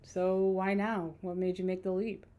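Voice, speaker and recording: A woman's voice: mid-range voice, little pitch movement, a little slow, muffled recording, lightly acted. A woman voicing a friendly, easygoing adult male photographer in a video game, asking curious questions in a lightly raised voice. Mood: chatty.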